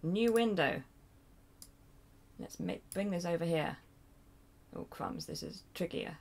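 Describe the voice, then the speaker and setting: Low-voiced English woman chatting on stream. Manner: rambling, hesitant, self-deprecating, with frequent fillers and chuckles. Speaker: livestream host. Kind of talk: casual live chat reading viewer comments. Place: home room at a computer. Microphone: desk mic near a loud keyboard.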